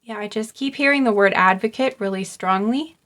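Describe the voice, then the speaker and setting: A young woman giving an encouraging pick-a-card reading, speaking in a soft, halting way with many pauses and repeated words. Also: medium pitch. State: getting choked up. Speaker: tarot card reader.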